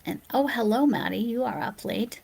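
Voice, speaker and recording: A sleepy woman talks casually through a late-night livestream, reading out viewer comments and answering them. Her voice has a gravelly, fried edge, and she often slips into a soft near-whisper. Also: fairly high pitch, normal speed. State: sleepy, yawning. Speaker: live streamer.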